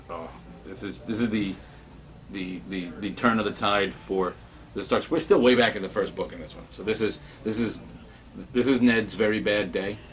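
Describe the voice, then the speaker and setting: A man giving a casual spoken review of comics, excitable and rambling, with many restarts. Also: on the low side.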